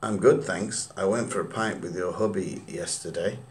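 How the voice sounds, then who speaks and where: Man reading London man of Italian family, quick script read, plain delivery, low-key. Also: lightly acted.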